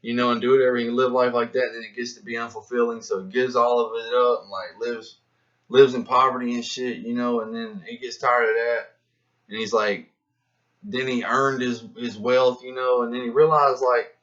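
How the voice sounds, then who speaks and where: A man's voice: mid-range voice, moderate pace. Rambling, profane man on lo-fi audio. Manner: profane, slangy, animated, acts out inner voices. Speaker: rapper musing to camera. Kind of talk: rambling philosophical monologue. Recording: dull lo-fi sound.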